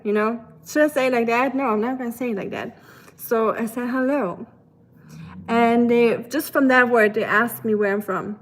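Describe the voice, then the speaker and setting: A woman's voice: fairly high pitch, moderate pace. A woman from Germany with a German accent, chatting casually with viewers on a live stream, full of fillers and reading out their comments.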